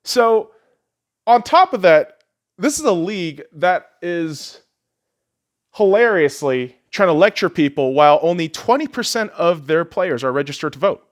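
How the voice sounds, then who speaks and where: A man's voice: high-pitched, big pitch swings, a little slow. A man hosting a podcast, ranting heatedly and sarcastically, swearing often. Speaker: podcast host. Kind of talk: profane solo rant.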